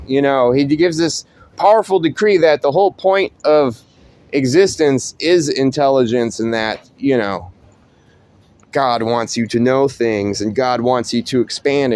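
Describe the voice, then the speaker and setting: A man hosting a casual monologue, rambling and profane with frequent restarts. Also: medium pitch. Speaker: host.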